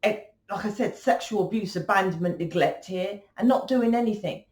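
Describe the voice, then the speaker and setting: In an echoey room, a woman with a mid-range, slightly mellow voice speaks at normal speed. She gives a confrontational, blunt tarot reading, cursing freely as she lectures the listener.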